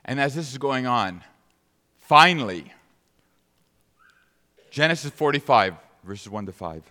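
A man preaching a sermon, retelling a scripture story with dramatic, animated delivery. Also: medium pitch, a little slow, long pauses. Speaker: pastor. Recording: long reverb of a large hall.

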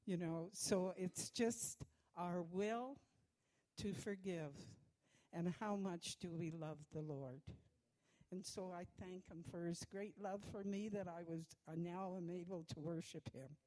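A woman in a church congregation telling her own story of faith. She speaks slowly and earnestly, in a somewhat low voice for a woman. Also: dark tone, low-quality recording. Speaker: church member giving testimony. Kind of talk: personal testimony.

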